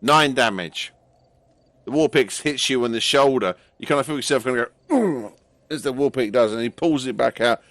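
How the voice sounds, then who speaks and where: A man, tired and hoarse, narrating a tabletop game as game master with casual swearing. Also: mid-range voice, normal speed, no room sound. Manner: swearing, laughing, lively with put-on character shouts.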